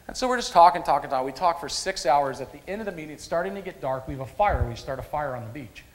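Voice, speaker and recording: A man preaching a sermon at a church service, a lively storyteller who repeats phrases for emphasis. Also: a little high, quick pace. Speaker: pastor.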